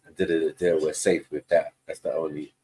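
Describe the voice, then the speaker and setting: A man's voice: rumbling low, little pitch movement, a little fast, dark tone, husky, poor audio. A man, chatting casually on a livestream panel in laid-back slang. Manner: laid-back slangy talk, frequent "you know what I mean".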